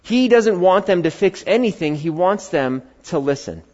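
Speaking at a moderate pace in a high-pitched voice, an animated middle-aged man preaches a storytelling sermon to a congregation in a church hall. He stays conversational and performs quotes in varied voices, captured on slightly dull, lo-fi audio.

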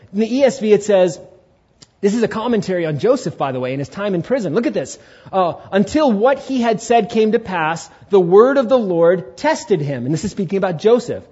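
A man preaching a sermon in a church sanctuary, his voice sitting high and swinging widely in pitch. He acts out inner voices and asks the congregation questions, with a slightly husky tone. The recording sounds muffled and lo-fi. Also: darkish tone. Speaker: pastor.

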